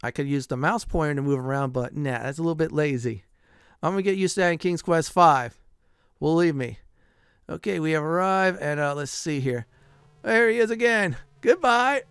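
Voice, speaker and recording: A man's voice: a little high, lively intonation, moderate pace, fairly bright tone, clean tone, no room sound, clean studio sound. Chatty man narrating a game playthrough. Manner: chatty, frequent "uh" fillers, chuckles at the game. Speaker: gameplay commentator. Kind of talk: casual game playthrough commentary.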